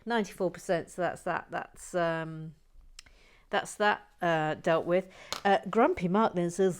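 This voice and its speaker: Slow, soft-spoken woman. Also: on the low side, clean tone. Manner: soft-spoken, talks quietly to herself and viewers. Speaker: Lego building channel host. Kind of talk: casual chat while building.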